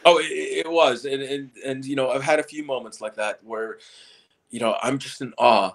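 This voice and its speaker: A middle-aged man with a mid-pitched voice tells stories from his stage career in a relaxed interview. He trips over his words, restarting and repeating them as he goes, and keeps talking in long run-on stretches. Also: normal speed. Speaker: stage hypnotist guest. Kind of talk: casual storytelling interview.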